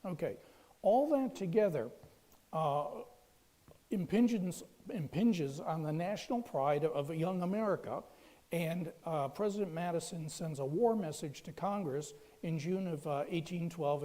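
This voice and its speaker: Man lecturing history, slightly high voice, mellow tone, stop-start storytelling, long hall reverb. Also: unhurried. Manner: storytelling with frequent restarts and fillers.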